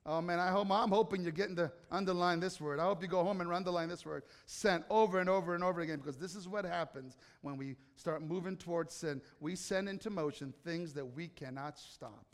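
A man with a notably high voice preaches a sermon, chatting and joking with his listeners and quizzing them as he goes. His words ring out with a long reverb, as if heard in a big hall. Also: a little fast, few pauses. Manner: conversational, joking, quizzes the congregation. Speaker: pastor.

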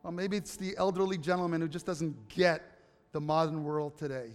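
A pastor preaches in a lively, storytelling way, slipping into the voices of the people in his anecdotes and then rising to fervent calls to the congregation. His voice sits a little high for a man. A long hall reverb trails his words, with faint music underneath. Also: normal speed. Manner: animated, acts out dialogue, builds to impassioned appeals. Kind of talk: sermon with personal storytelling.

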